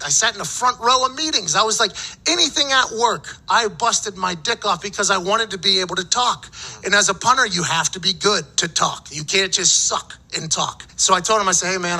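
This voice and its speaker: Bright high-voiced man telling stories. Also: low-quality recording. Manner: profane, laughing, animated retelling. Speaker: former football punter, podcast guest. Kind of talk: casual storytelling.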